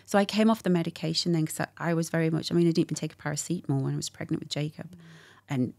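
A woman guest candidly shares a personal story, warm and laughing, animatedly acting out quoted dialogue. Her voice is low-pitched and gravelly, and she talks very fast.

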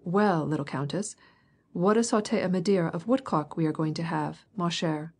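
A woman's voice: fairly low pitch, normal speed, darkish tone, slightly rough. A woman voicing a jovial, blustering older count who gives bluff, hearty commands.

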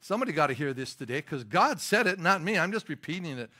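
A man's voice: fairly high pitch, very animated, fast, pushed and bright. A middle-aged man preaching a sermon as pastor, emphatic and punchy, mixing scripture with personal stories. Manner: emphatic preaching with rising, stressed lines and storytelling asides.

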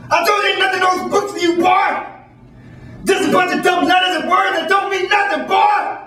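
Man putting on a furious, yelling slave master. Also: extremely high pitch, voice pushed up. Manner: yelling, scolding, repeats "boy". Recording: echoey room, distant mic.

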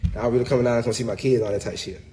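A man's voice: medium pitch, steady tone, very fast, mellow, slight background noise. Profane, emphatic man ranting on a livestream. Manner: profane, emphatic, keeps saying bro. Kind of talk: casual livestream rant.

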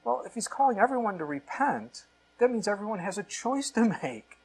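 His voice sits high with a sing-song lilt and a breathy edge, at a moderate pace. Preaching as a pastor, he teaches from the Bible, frequently quoting scripture and arguing by way of rhetorical questions.

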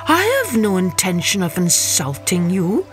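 A woman voicing a proud, curious male elephant king in a children's story, speaking low, slow and doubtful. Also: sing-song, faint music behind.

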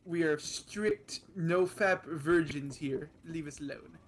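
A man's voice: a little high, slow pace. A man playing a ghost-hunting game with a friend, sarcastic and joking, swearing freely. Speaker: co-op gaming partner. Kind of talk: casual gaming chat.

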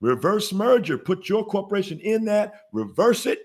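A man's voice: sits high, big pitch swings, normal speed. A man hosting a business webinar, talking in a casual, preachy way with lots of call-and-response questions. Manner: preachy, call-and-response, laughs at own jokes. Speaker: webinar host, business funding teacher. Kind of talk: casual motivational webinar teaching.

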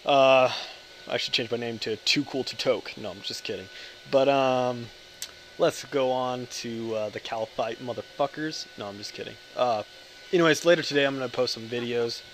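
A young American man in his twenties, talking in a hyper, rambling way over gameplay. He jokes, swears freely and keeps cutting himself off mid-thought, at a middling pitch for a man. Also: normal speed, a little hiss or hum. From United States. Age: 20s. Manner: hyper, joking, profane, self-interrupting. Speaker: gaming video creator.

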